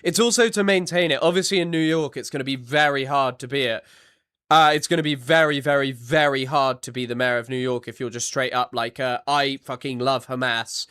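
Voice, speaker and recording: A man streaming live, reacting bluntly to news clips, often halting them to argue and circling back with fillers and repeats. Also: mid-range voice, a bit bright, clear, resonant tone. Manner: filler-heavy, repeats himself. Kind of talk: casual live-stream commentary.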